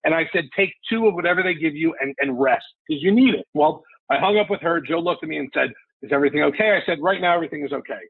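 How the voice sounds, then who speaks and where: A man around forty tells a personal story with candid, emotional storytelling and the odd curse. His voice is gravelly and husky, sitting a little high for a man. It comes through a dry, tinny, phone-like remote line. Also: quick pace, hardly any pauses, no echo. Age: 40s. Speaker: sports radio host, podcast guest. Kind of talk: casual podcast storytelling. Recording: phone-like, lo-fi call audio.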